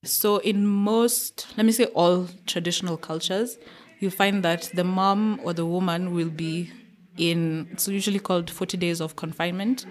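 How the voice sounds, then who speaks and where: A woman guest on a podcast telling her story casually, animated and laughing often. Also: lowish voice, normal speed.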